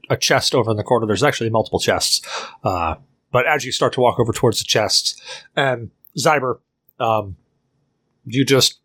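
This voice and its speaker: A man narrating a tabletop role-playing game as game master, in a relaxed way with many fillers and restarts. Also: medium pitch, slightly rough, no echo.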